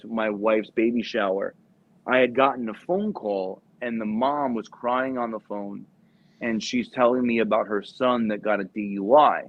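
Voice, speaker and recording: A man's voice: mid-range voice, no echo. A young adult man, a former Marine recruiter, telling a profane story casually and acting out the voices of the people in it. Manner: animated, profane, acts out quoted voices. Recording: dull lo-fi podcast audio.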